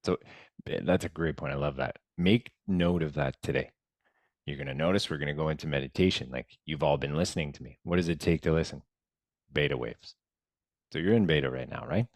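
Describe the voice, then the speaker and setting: A man leading a meditation lesson in a relaxed, chatty way, often dropping to soft murmurs and mumbling. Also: rumbling low, a little fast, gravelly, no echo. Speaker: meditation guide. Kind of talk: casual guided-meditation talk.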